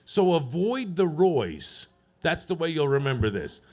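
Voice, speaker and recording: A man works an open mic stage with a profane, deadpan stand-up set, ribbing people in the crowd. His voice sits high for a man. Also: a little slow. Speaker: stand-up comedian. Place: comedy club stage.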